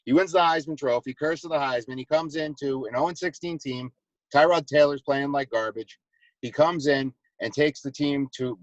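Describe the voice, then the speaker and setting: A man's voice: a little high, normal speed, dry recording, lo-fi sound. A man co-hosting a casual sports debate, building a sarcastic rant.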